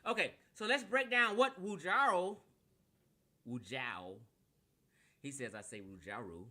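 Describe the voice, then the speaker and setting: A man's voice: sits high, a little slow, sharp tone. A man with a Californian accent giving a brash, combative and profane lecture on a livestream while sharing his screen. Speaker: online lecturer.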